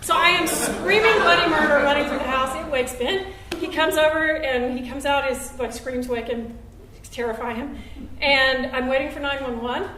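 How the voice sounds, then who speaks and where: A woman telling a story on stage at a live show, acting out what people said with big jumps in pitch and loudness. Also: normal speed, background noise. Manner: animated, acts out quotes with big jumps in pitch and volume. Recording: roomy live venue, recorded from a distance.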